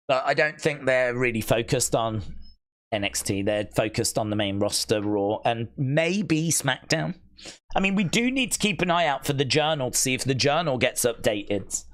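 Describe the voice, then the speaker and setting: A man's voice: medium pitch, lively intonation, moderate pace, fairly bright tone. A man hosting a live wrestling watch-along, rambling and musing aloud as he reads viewer comments. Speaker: wrestling stream host.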